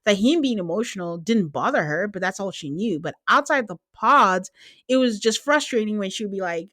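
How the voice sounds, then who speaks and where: Woman podcast host, casual recap, animated, laughs often, medium pitch, dry close sound. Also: fairly quick, no room sound. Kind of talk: casual chat.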